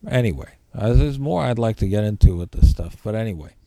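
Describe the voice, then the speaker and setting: A man with a very dark, mellow voice talks through an informal lecture, circling back and repeating points to drive them home. His voice sits a little low, and the sound is close and dry with no room echo. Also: expressive, brisk, creaky. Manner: rambling, repeats key points for emphasis.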